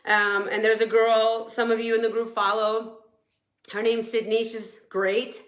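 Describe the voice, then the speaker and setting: A woman's voice: a little high, little pitch movement, a little slow, roomy sound. A woman coaching a weight-loss group on a casual live stream, emotional and rambling, teary with a sore throat from crying and laughing often.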